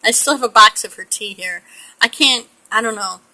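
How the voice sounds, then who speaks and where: A woman's voice: on the high side, normal speed, pushed and bright, poor audio. A middle-aged woman from the United States chatting in a rambling way while she paints a pet portrait, often laughing. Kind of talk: casual chat while painting.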